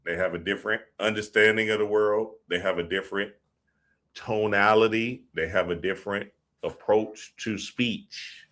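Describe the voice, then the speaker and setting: A man's voice: lowish voice, steady tone, moderate pace, fairly bright tone. A man hosting a show, talking in a casual, profane, slang-heavy monologue full of stories. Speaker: podcast host.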